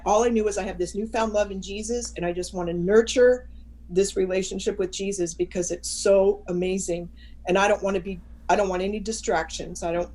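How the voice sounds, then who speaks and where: A woman's voice: mid-range voice, a little mellow, low-quality recording. An older woman, a chaplain and interview guest, telling a personal story with animation and frequent restarts.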